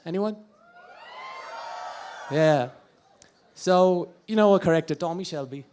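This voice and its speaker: Young Indian man, Indian English accent, slightly high voice, playful stage banter into a handheld mic. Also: moderate pace, darkish tone. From Jammu and Kashmir, India. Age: young adult. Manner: playful, chatty, jokes with audience. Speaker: college student performer. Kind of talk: stage act doing accent impressions.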